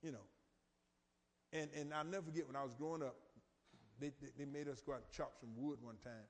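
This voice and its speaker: A man's voice: a little high, fairly even intonation, fairly quick, slight background noise. A middle-aged male pastor giving a folksy, informal sermon with dialect and call-and-response. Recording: echoey church hall reverb.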